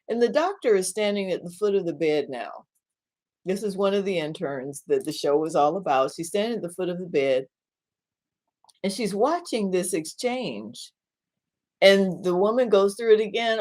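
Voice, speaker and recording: A woman minister giving an earnest teaching talk about caregiving and telling a story, often repeating words and restarting sentences, slowing down to stress points. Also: medium pitch, lively intonation, darkish tone.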